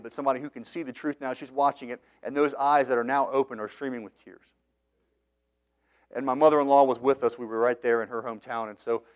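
A man preaching a sermon as a missionary pastor, reading scripture slowly and swinging between loud passionate lines and quiet ones. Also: medium pitch. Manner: reads scripture in slow measured tones.

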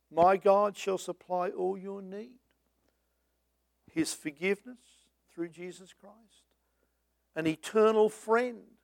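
A male preacher, delivering a sermon that swings between booming lines and hushed, half-sung hymn verses. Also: fairly even intonation, takes it slowly, gravelly, long pauses, no room sound.

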